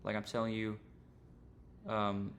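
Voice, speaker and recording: A man's voice: on the low side, completely flat delivery, slow pace, fairly bright tone. A young man teaching trading on a livestream, casual and rambling, full of slang and fillers. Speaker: trading streamer.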